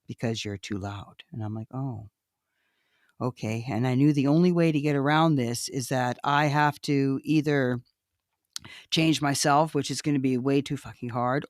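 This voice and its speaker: A woman hosting a podcast, telling a personal story in a loud, animated, candid way, laughing often and swearing freely. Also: deep voice, clean tone, dry recording, clean studio sound. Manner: profane, candid. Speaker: podcast host.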